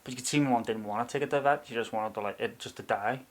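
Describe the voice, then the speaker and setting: A man in his thirties, co-hosting a podcast and telling animated stories with frequent laughter. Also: medium pitch, very fast. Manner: animated storyteller who laughs often. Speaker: podcast co-host. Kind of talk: casual chat.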